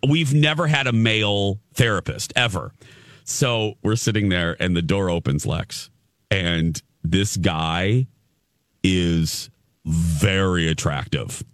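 A man hosts a radio morning show, telling a story with plenty of animation and acting out the people in it. His voice sits fairly low. The studio mic sound is dry and close. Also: slow, no room sound. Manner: animated storyteller who acts out quotes. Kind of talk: casual on-air storytelling.

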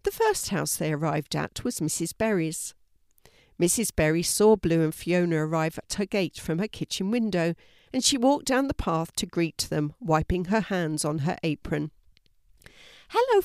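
Older woman, low gentle storyteller. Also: normal speed, no echo, studio quality. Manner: gentle, steady storybook narration. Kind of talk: reading a children's story aloud.

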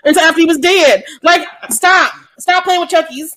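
A woman's voice: extremely high pitch, normal speed, fairly bright tone. A woman. She co-hosts a casual podcast, blunt and profane, and laughs often. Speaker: podcast co-host.

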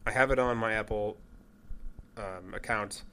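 A man's voice: lowish voice, a little slow, bright, forceful tone, clear, resonant tone. A man co-hosting a podcast in casual chat, easygoing and joking. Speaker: podcast co-host.

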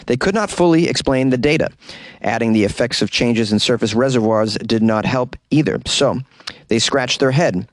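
A man's voice: lowish voice, no echo. A man hosting a comedic news podcast, reading items aloud and riffing sarcastically, recorded close in a small closet. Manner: reads news aloud, then riffs sarcastically.

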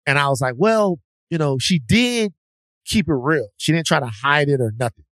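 A man's voice: fairly high pitch, animated, moderate pace, fairly bright tone, dry recording, clean studio sound. A man co-hosting a podcast, telling a story in a casual, slangy, rambling way with restarts. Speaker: podcast co-host.

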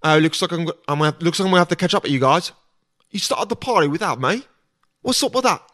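A man's voice: on the high side, lively intonation, quick pace, fairly bright tone. A man doing a cocky British action hero. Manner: flirty, breezy quips.

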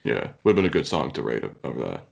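A man's voice: rumbling low, big pitch swings, quick pace, vocal fry, dull audio. A man co-hosting a casual comedy podcast, laid-back and swearing freely. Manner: laid-back, profane, laughs along. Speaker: podcast co-host.

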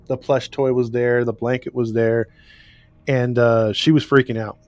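A man's voice: mid-range voice, little pitch movement, moderate pace, no room sound. A man co-hosting a casual chat, recounting a case in a rambling way with restarts and laughs. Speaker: podcast co-host recounting a case.

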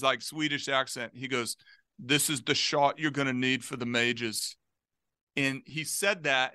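Bright, smooth-voiced man in his forties. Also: on the high side, dry recording, studio quality. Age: 40s. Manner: animated storyteller. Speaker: golf pro guest. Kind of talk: casual podcast interview.

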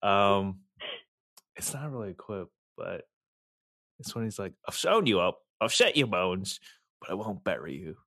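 A man's voice: on the low side, sing-song, measured pace, gravelly, pauses often, bright, forceful tone, dry recording, studio quality. A man in casual podcast chat, talking in a hesitant, laid-back way and asking questions.

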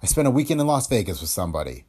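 A man voicing a nervous young actress, breathy and stammering, in an audiobook of a detective story. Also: fairly low pitch, sing-song, racing, warm tone. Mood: rueful. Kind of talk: audiobook character voice.

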